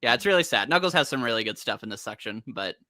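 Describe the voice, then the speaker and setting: A young man co-hosting a casual podcast chat about comics, talking in an animated, chatty way. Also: medium pitch, quick pace, no room sound, clean studio sound. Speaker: podcast co-host. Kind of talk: casual comic book discussion.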